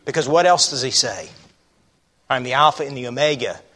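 A man delivers an earnest sermon, leaning on rhetorical questions and reading scripture aloud with emphasis. His voice is bright and forward, sitting at an ordinary pitch for a man. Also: animated, a little fast. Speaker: pastor.

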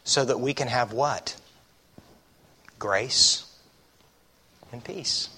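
A man delivers an earnest sermon, leaning on rhetorical questions and reading scripture aloud with emphasis. His voice is bright and forward, sitting at an ordinary pitch for a man. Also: drawn-out words, slightly rough. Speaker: pastor.

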